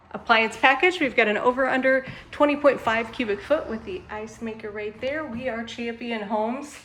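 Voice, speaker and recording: A woman's voice: on the high side, fairly bright tone. A woman who manages a mobile home sales lot, chatting in an upbeat way while she walks viewers around a home, outside and then inside. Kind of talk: casual home walkthrough.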